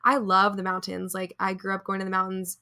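A young woman with a bright, forceful voice talks casually as a podcast co-host. Her speech is full of "like" fillers and quick laughs, and it stays loose and conversational throughout. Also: mid-range voice, monotone. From near Raleigh, North Carolina. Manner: chatty, lots of "like", laughs often. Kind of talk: casual chat.

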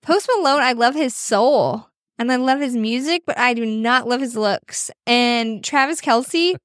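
A woman's voice: a little high, unhurried, a bit bright, no echo, studio quality. A woman co-hosting a podcast, chatting casually and playfully with her husband, filling her talk with "like". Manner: chatty and playful, heavy use of "like". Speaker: podcast co-host.

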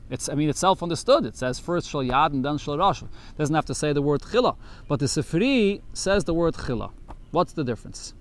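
Man teaching a text lesson, somewhat high. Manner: reads Yiddish text aloud, then explains it in English. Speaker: Torah teacher.

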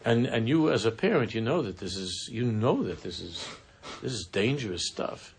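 Male rabbi giving a casual Torah class, low gravelly voice, earnest, halting delivery. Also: expressive. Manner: earnest, halting, sprinkled with Hebrew and Yiddish terms. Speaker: rabbi teaching a Chassidic text.

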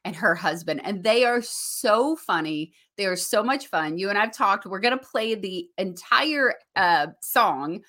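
Lively Southern woman with a bright voice. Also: mid-range voice, unhurried, hardly any pauses. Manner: animated, laughs often, teasing. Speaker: podcast co-host. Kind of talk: casual chat.

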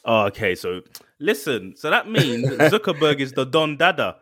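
A man's voice: medium pitch, moderate pace. A young man, co-hosting a casual podcast chat and acting out people he talks about. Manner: animated storyteller who acts out people with voices. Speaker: podcast co-host.

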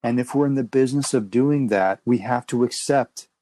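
A podcast host in a reflective conversation, explaining ideas in a calm, measured way with slow emphasis. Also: mid-range voice, no room sound.

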